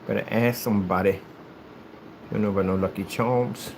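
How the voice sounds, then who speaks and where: A man from the United States chatting casually while he plays, telling rambling, animated stories in a hyperactive way. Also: fairly low pitch, a little fast, vocal fry, slight background noise. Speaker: gaming streamer. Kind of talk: casual chat while playing.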